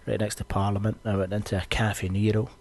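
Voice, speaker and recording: A man's voice: fairly low pitch, quick pace. Sweary Scottish man ranting. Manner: sweary, ranting, animated storytelling. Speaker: podcast host. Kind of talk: casual podcast chat.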